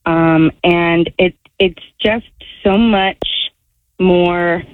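A woman caller speaks slowly in a lowish voice, chatty yet halting, trailing off mid-thought. Her voice comes through a tinny phone line, dry and narrow. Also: fairly even intonation, no room sound. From Northport.

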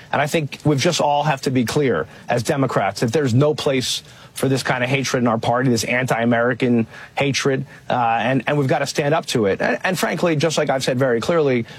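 Man, politician, measured talking points, somewhat husky. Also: mid-range voice. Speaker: politician in a played clip. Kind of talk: spoken interview statement.

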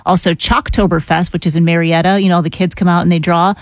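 A radio co-host with a mid-range voice talks quickly and chattily through a list of event cancellations. The studio sound is dry and close. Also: medium pitch, flat delivery, no room sound. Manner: brisk, chatty. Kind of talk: reading event listings on air.

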